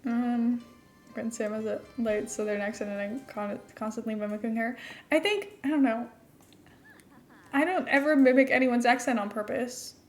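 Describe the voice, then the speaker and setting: Faint music plays behind a young woman who livestreams a game, chatting casually in a steady, fairly high voice at normal speed with an international-school American accent. Between building tasks she answers her viewers, staying chatty and giggly.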